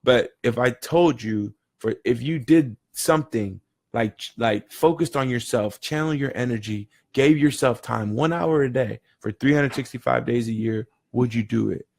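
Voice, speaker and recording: Guy hyping up a group session, rambly, lots of "you know", mid-pitched. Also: moderate pace, vocal fry, few pauses, darkish tone. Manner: rambling storytelling, with frequent restarts and "you know". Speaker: session leader in a year-long daily challenge. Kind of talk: motivational talk.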